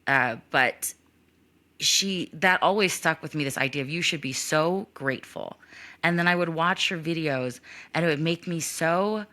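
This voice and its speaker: Bright-voiced earnest woman podcast host. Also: sits low, unhurried. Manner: earnest, personal, openly emotional. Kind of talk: casual interview talk.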